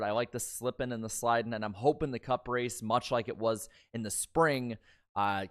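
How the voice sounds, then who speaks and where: A man's voice: mid-range voice, fairly bright tone. A man hosting a casual post-race livestream, talking in an easygoing, rambling way with lots of fillers. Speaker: livestream host.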